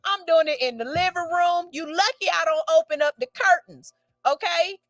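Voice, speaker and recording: A woman's voice: extremely high pitch, normal speed, a bit bright, dry recording. A woman radio host reads out a listener's letter and gives a blunt, sassy, profane verdict with theatrical outbursts.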